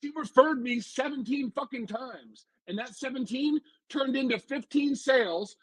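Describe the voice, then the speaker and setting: A man from Arizona, a home heating and cooling sales pro, telling stories as a podcast guest in an energetic, blunt way and swearing freely. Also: very high-pitched, normal speed, husky, no room sound, poor audio. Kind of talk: casual podcast storytelling.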